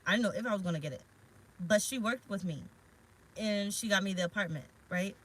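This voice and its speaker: A woman's voice: medium pitch, brisk, low-quality recording. A woman tarot reader talking casually in a vlog, rambling and frank, swearing now and then. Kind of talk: casual spiritual vlog talk. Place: parked car.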